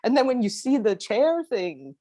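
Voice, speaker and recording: A woman's voice: on the high side, big pitch swings, moderate pace, crowd noise. A woman in the audience speaks casually and with emotion about a film, trailing off and restarting her sentences. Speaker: audience member. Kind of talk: casual conversational comment.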